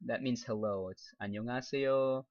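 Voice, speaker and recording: Racing along in a medium-pitched, darkish voice, a young American game streamer and English teacher casually chats while gaming live. He reads out comments from viewers and laughs often, all on dull lo-fi stream audio.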